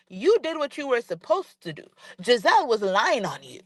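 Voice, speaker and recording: A woman's voice: fairly high pitch, very animated, normal speed, no room sound. Woman going off in a commentary vlog, talking right at the person she's calling out, says stuff twice, dry close sound. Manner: ranting, talking straight to the person she criticizes; emphatic, repeats points. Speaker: reality TV commentator.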